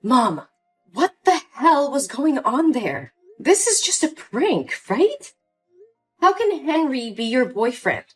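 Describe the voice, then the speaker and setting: A woman's voice: high voice, big pitch swings, slow, breathy edge, soft background music, heavily acted. Woman voicing a hurt young daughter. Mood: upset. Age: young adult. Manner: pleading and indignant. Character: hurt young adult daughter, pleading and upset. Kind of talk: scripted story voice acting.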